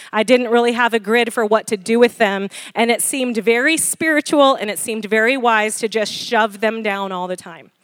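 A woman giving a casual, animated sermon as a preacher, acting out quoted lines and often asking the congregation "Amen?". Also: a little high, smooth, dry recording. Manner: frequent light laughter and call-and-response "Amen?". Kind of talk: conversational sermon.

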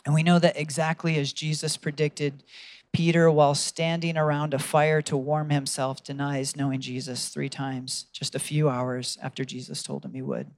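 A man's voice: a little high, normal speed, dry recording. A man preaching a sermon, telling a story earnestly and asking his congregation questions.

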